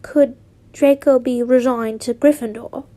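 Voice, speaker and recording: Earnest young wizard student, polite, read by a woman in her own high, mellow voice. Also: steady tone, unhurried, natural voice.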